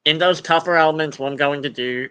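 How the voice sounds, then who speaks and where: Bright-voiced young man rambling on a livestream. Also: fairly high pitch, fast, smooth, poor audio. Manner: rambling, swears freely, lots of fillers. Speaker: streamer reading cast bios. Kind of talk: casual livestream chat.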